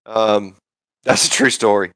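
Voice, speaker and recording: A man's voice: fairly low pitch, steady tone, slow pace, a bit bright, clean tone, dry recording, rough recording. A man hosting a live stream, rambling and swearing in casual talk, full of ums and restarts.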